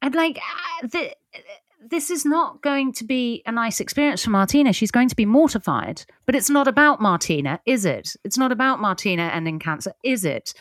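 British woman cohosting a comedy podcast, very expressive, voice jumps around, dry sound. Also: fairly high pitch, no echo. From Britain. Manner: expressive, quick reactions. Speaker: podcast co-host. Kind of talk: casual comedic chat.

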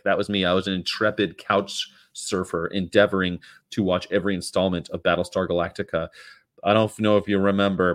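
A man's voice: low-pitched, a bit bright. A middle-aged man chatting casually on a stream, sarcastic and rambling, laughing often. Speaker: livestream host. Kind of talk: casual chat reacting to comments.

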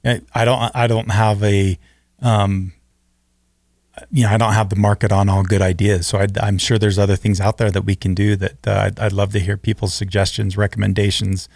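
Low gravelly-voiced male podcast co-host. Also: level tone, darkish tone, dry recording, clean studio sound. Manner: halting, many restarts, earnest. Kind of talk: casual podcast chat.

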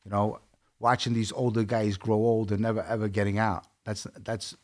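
A man's voice: lowish voice, flat delivery, normal speed, darkish tone. A man from Brooklyn with a Brooklyn accent, speaking as a guest. He tells his story in a blunt, streetwise way, often quoting the dialogue. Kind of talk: casual interview storytelling.

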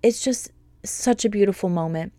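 A woman in her thirties hosting a podcast as a homeschool business coach, talking in a casual, gushing and upbeat way with rambling, excited asides. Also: mid-range voice, normal speed, no echo, clean studio sound.

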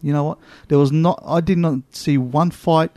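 A man with an Australian accent, hosting a casual chat and telling animated travel stories full of asides. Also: on the high side, normal speed, dry recording, clean studio sound. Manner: animated storyteller, lots of "you know what?".

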